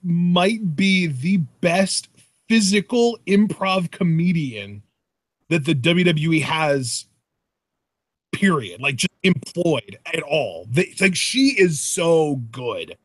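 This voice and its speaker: A man's voice: on the high side, lively intonation, slow pace, dry recording. A young man co-hosting a casual wrestling review chat, enthusiastic and rambling, often restarting his sentences. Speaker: podcast co-host.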